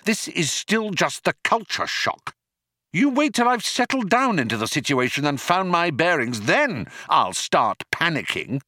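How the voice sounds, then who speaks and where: A man's voice: fairly high pitch, big pitch swings, measured pace, sharp tone, dry recording, studio quality, voice pushed up, heavily acted. A man voicing a flustered, anxious young man who sounds indignant and nervous.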